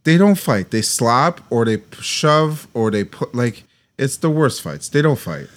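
A man's voice: mid-range voice, sing-song, unhurried. A man in casual sports chat, telling profane anecdotes and laughing along.

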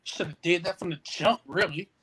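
A man in casual sports chat, animated and teasing, with halting restarts. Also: high voice, over a noisy crowd, rough recording.

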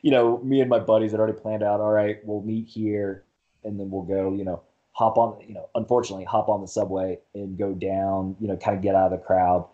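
A man's voice: on the low side, flat delivery, fairly quick, phone-quality sound. A man talking as a podcast guest, chatting casually and rambling with many fillers and restarts. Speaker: podcast guest, marathon runner. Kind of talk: casual conversation.

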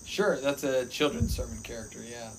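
A man's voice: mid-range voice, normal speed, a little hiss or hum, low-quality recording. A man, a pastor guest on a podcast, chatting casually and jokingly on an outdoor porch. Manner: animated, jokey, laughs while talking. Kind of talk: casual chat.

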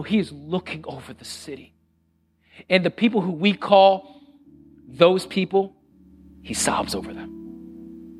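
A middle-aged male pastor delivering a sermon in an earnest, conversational way. His voice sits a little high for a man, and he repeats phrases for emphasis, sometimes sinking to a near hush. Soft instrumental music plays underneath. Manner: drops to a hushed voice on solemn lines.

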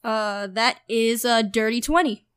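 A woman's voice: a little high, measured pace, fairly bright tone, smooth, dry recording. A woman playing in a casual tabletop game, chatty and giggly. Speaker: player.

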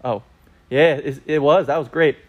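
A man's voice: fairly high pitch, normal speed, lo-fi sound. A young man co-hosting a casual sports podcast, ranting and joking brashly about football. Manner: brash, joking, animated rants. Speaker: podcast co-host.

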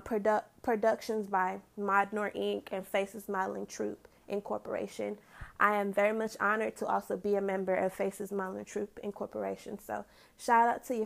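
A woman in her thirties talking casually on her own podcast, chatty and quick to give shout-outs and laugh. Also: medium pitch, gravelly. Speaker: lash business owner and podcast host. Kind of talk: casual solo podcast talk.

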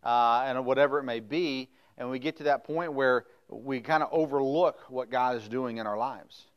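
A man's voice: mid-range voice, moderate pace, dull audio. A middle-aged man preaching casually, reading old-style scripture and then explaining it in a folksy, chatty way with frequent fillers. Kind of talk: casual sermon with Bible reading.

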